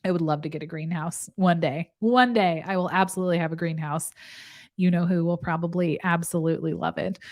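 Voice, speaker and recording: A woman's voice: fairly low pitch, fairly even intonation, fairly quick, darkish tone. A woman nurse practitioner chatting casually with her viewers. She is talkative and laughs often in the middle of her sentences. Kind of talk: casual live chat with viewers.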